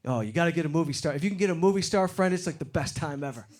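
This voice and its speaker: High-voiced middle-aged stand-up comedian. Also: male voice, racing. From Detroit. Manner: loud animated bits when acting out others. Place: comedy stage before a live audience. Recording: live show with loud crowd laughter. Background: crowd laughing.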